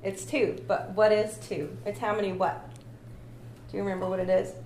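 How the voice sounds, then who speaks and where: A woman's voice: mid-range voice, flat delivery, normal speed, darkish tone. A woman teaching a music lesson, patient and encouraging, sometimes singing short phrases to demonstrate. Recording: echoey room with faint ambient noise.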